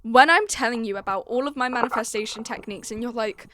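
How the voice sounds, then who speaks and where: A woman's voice: on the high side, fast, sharp tone, slight background noise. A young woman hosting her own podcast in casual chat, confiding and chatty, acting out her own stories as she goes. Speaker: podcast host.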